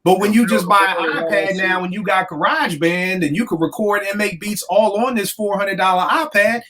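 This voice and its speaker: A man in his forties, a podcast host, ranting in animated, profane casual chat. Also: high-pitched, normal speed, a crowd in the background. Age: 40s.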